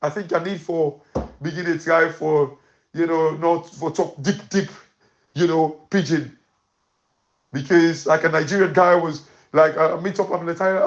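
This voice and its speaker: Male host, Sierra Leonean Krio accent, fairly high voice, impassioned pidgin-English commentary. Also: steady tone, normal speed, muffled recording. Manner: rallying, repetitive exhortations.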